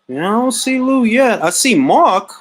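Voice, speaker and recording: Joking in loose slang and leaning on repeated catchphrases, a man runs a boxing talk livestream as its host. He has a very high, sing-song voice at a measured pace, captured in low-quality audio.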